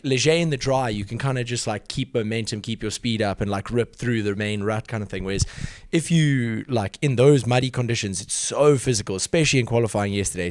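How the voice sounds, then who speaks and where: A man with a mid-range voice guests on a podcast, chatting casually, laughing a lot, and saying "like" often. The recording is dry.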